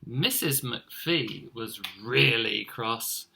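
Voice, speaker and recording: Slow, gravelly teacher reading aloud. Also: male voice, mid-range voice, background noise. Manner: expressive, encouraging, pointing things out. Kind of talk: reading a picture book aloud to children.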